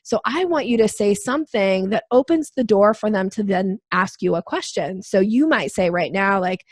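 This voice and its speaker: A woman sales trainer answering interview questions, explaining with lively acted-out examples. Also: mid-range voice, moderate pace, hardly any pauses, dry recording, clean studio sound. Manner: animated, acts out quoted voices.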